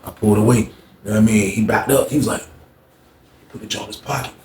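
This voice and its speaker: A man telling a story in a casual, slangy way, animated and acting out the dialogue. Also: lowish voice, quick pace. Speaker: storyteller recounting prison life. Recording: echoey room with faint noise.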